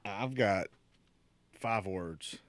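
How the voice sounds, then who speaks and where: A man's voice: on the low side, drawn-out words, dry recording. A man in his thirties co-hosting a casual podcast chat, joking and laughing often. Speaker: podcast co-host.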